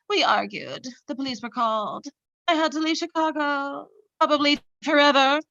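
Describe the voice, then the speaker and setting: A woman's voice: sits high, pushed and bright, no echo, lo-fi sound, heavily acted. A woman playing a vain, whiny radio host. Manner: boastful, whiny, melodramatic. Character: vain self-absorbed female radio show host. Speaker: comic actor. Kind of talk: comedic radio parody monologue.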